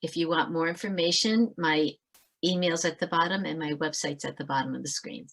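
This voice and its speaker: A woman author giving a brisk webinar talk on parenting over a video call. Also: low voice, fairly bright tone. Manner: brisk, talks fast to fit it all in. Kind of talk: webinar presentation.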